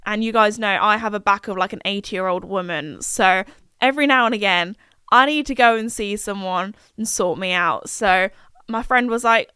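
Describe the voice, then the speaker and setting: A woman's voice: mid-range voice, normal speed, sharp tone, clear, resonant tone, no echo, studio quality. A young woman, chatting casually and rambling on her solo podcast, full of fillers and asides. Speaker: podcast host.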